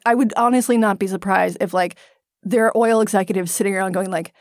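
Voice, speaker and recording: A woman's voice: medium pitch, fairly even intonation, quick pace, no echo, clean studio sound. Blunt, swearing woman podcast host. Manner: blunt and profane, laughs often. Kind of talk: casual podcast chat.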